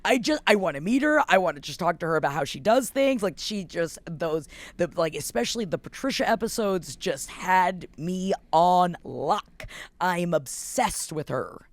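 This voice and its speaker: A podcast co-host chatting casually, excitable and rambling, leaning on "like" as thoughts pile up. The voice sits in a middle pitch. It is recorded close with a dry, dead sound. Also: moderate pace, dry recording. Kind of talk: casual chat.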